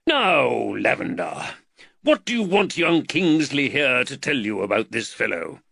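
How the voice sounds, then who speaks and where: A man's voice: mid-range voice, sing-song, unhurried, creaky, sharp tone, no room sound, studio quality, pitched above the performer's own voice, heavily acted. A man voicing a teasing, arrogant upper-class surgeon who talks down to his student. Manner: mocking, imperious.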